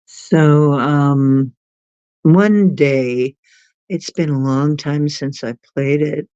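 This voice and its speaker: Slow giggly streamer chatting with chat, muffled dry mic. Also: mid-range voice, steady tone, warm tone, clean tone, no room sound. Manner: giggly, chatty, laughs often. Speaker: livestream host reading chat. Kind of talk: casual chat with viewers.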